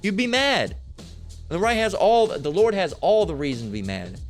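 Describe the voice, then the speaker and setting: Over faint music, a man with a high-pitched, very animated voice offers rambling scripture commentary at a moderate pace. This religious commentator swears, speaks emphatically, keeps restarting, and leans on tag questions like "all right?"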